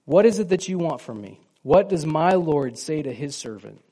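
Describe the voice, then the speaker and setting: Pastor, male, slightly high voice, chatty sermon delivery with questions to the congregation. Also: lively intonation, normal speed, dark tone. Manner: conversational, asks the congregation questions, acts out quoted lines.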